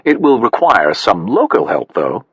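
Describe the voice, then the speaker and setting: A man voicing a cool, self-assured wealthy man with a crisp manner, in an audiobook. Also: lowish voice, very animated, measured pace, no echo, exaggerated voice. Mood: smug. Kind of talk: audiobook character voice. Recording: dull, slightly muffled.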